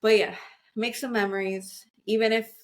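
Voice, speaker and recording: A woman's voice: mid-range voice, fairly even intonation, normal speed. A woman co-hosting a podcast in casual chat, talking in a reflective, rambling way with many fillers. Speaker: podcast co-host.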